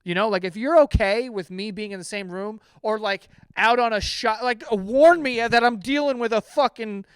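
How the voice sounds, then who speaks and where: A young man riffing in a loose, profane reaction rant, his raised voice smooth and clean. He swerves from muttered asides into sudden shouted disbelief. The sound is close and dry, with no room around it. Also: sits high, moderate pace, few pauses, no room sound. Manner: animated, swears freely, swings into sudden loud outbursts. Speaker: comedy YouTuber reacting to stories. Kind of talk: casual reaction commentary.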